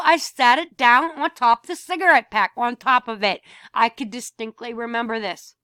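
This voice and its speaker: A woman's voice: on the high side, normal speed, hardly any pauses, pushed and bright, smooth, no room sound, clean studio sound. A woman talking casually to camera at home, telling a story bluntly, swearing freely and repeating herself when she gets worked up. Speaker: vlogger.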